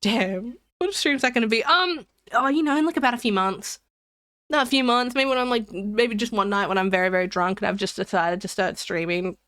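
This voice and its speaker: A woman's voice: a little high, brisk, fairly bright tone, no room sound, studio quality. Giggly rambling young woman streamer. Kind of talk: casual live-stream chat.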